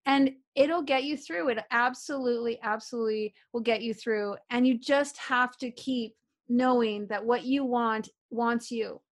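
Upbeat, fairly high-voiced Canadian woman. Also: measured pace. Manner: upbeat, animated storytelling with repeated affirmations. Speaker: guest, author and publisher. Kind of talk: casual interview chat.

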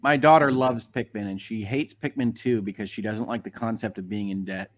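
A man's voice: lowish voice, fairly even intonation, brisk. A man co-hosting a casual gaming podcast, dropping dry joking asides. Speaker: podcast co-host. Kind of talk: casual chat.

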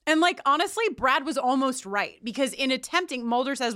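Smooth-voiced woman podcast co-host. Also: sits high, fairly quick, no echo, clean studio sound. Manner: animated and rambling, lots of restarts. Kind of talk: casual chat recapping a TV episode.

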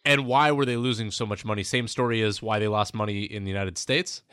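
A man's voice: fairly low pitch, fairly even intonation, brisk, a bit bright, smooth, no room sound. A man hosting a podcast interview in a studio, joking around and asking loose questions with fillers. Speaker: podcast host.

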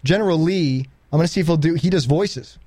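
A male radio host talks fast in a slightly raised voice. He chats casually and keeps urging the others on. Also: on the high side, mellow, slightly rough, no echo. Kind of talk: casual chat.

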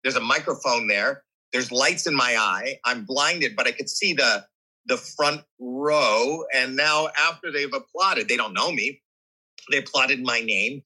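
A man's voice: medium pitch, a little slow, husky, rough recording. A man in his sixties as an interview guest, telling a story animatedly, acting out voices and reactions, with frequent restarts and repeated words. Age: 60s. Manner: animated, acts out voices and reactions while recounting. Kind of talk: candid storytelling conversation.

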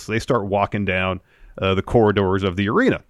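A deep-voiced man retelling wrestling segments play by play on a casual podcast. He rambles and restarts his sentences as he goes. The recording is dry and close. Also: a little fast, dry recording. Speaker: podcast co-host. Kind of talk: casual wrestling recap chat.

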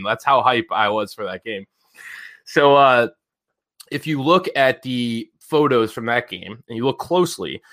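Bright-voiced, animated male podcast host. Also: medium pitch. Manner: animated, profane, lots of "like" fillers. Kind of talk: casual storytelling chat.

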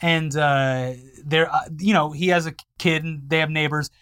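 High, bright man cracking dry jokes. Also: fairly even intonation, normal speed, smooth. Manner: dry wisecracks and rambling anecdotes. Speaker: podcast co-host. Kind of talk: casual comedic news banter.

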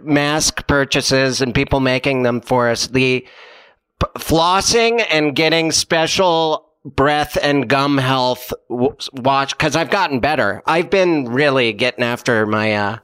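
A man's voice: medium pitch, slow pace, fairly bright tone, smooth. A man in his forties from Montana co-hosting a casual comedy podcast from home, rambling and self-deprecating. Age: 40s. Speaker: podcast co-host.

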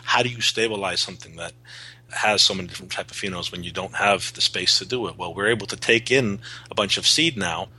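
A man's voice: low voice, fast talker, bright, forceful tone, breathy edge, poor audio. A man being interviewed as a guest, explaining his work in an earnest way with frequent restarts. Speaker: guest, cannabis seed breeder. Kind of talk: podcast interview.

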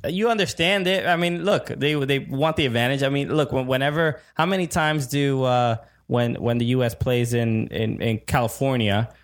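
A man co-hosting a podcast in casual chat, halting with many restarts and laughing easily. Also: medium pitch. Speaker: podcast co-host.

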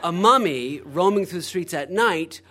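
A man's voice: high-pitched, moderate pace. A middle-aged man telling a comic story on stage, acting out quoted voices and tossing in "right?" to the listeners. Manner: animated, acts out quoted voices, frequent "right?".

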